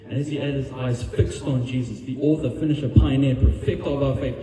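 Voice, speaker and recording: A man's voice: medium pitch, steady tone, fast, dark tone. A man preaching an evangelist's sermon with passion, building to a fervent altar call and prayer. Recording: roomy hall reverb, distant mic. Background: music under the preaching.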